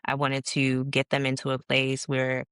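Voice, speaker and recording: A woman's voice: rumbling low, monotone, moderate pace, fairly bright tone, smooth, no echo, studio quality. A woman guest on a podcast, telling her story in a frank, casual way with slang and some swearing. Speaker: podcast guest, founder of a leadership organization. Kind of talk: candid conversational storytelling.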